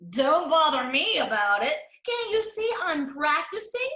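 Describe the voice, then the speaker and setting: A woman's voice: very high-pitched, sing-song, moderate pace, full character voice. A woman voicing a busy, dismissive rooster who brushes off the hen. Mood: annoyed. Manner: brusque, loud. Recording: roomy echo.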